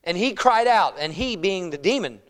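A male pastor preaching a sermon in a joking, conversational way, swinging from hushed asides to loud emphasis. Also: high-pitched, lively intonation, moderate pace.

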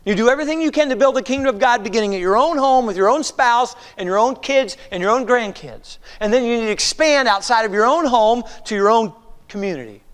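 A male pastor delivers a sermon in a high, expressive voice whose pitch leaps and falls. He shifts between quiet, confiding asides and drawn-out, emphatic exhortations, and his voice rings with the long reverb of a church sanctuary. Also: smooth. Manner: preaching with dramatic swings from hushed to emphatic.

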